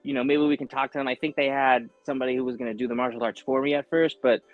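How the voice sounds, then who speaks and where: Male actor guest, animated storyteller, dry close mic, faint music bed. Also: mid-range voice, very fast, no room sound, narrow, tinny audio. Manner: animated, acts out quoted voices, frequent fillers. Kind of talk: casual interview storytelling.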